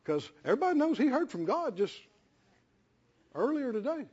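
A man preaching in a church with a high, husky voice that swoops up and down emphatically. He repeats phrases for weight and questions his listeners. The sound is dull and lo-fi, with a long hall reverb trailing behind. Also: sing-song, moderate pace, darkish tone. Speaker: pastor. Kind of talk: sermon.

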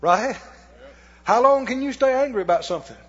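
A man preaching in a church, his voice pitched high and a bit husky, with folksy call-and-response to the congregation. The recording is dull and lo-fi, and a long hall reverb trails each phrase. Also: animated, brisk. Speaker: pastor. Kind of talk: sermon.

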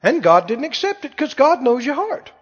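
A man preaching a sermon, animated and full of rhetorical questions to the congregation. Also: very high-pitched, moderate pace. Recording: muffled sound with long hall reverb.

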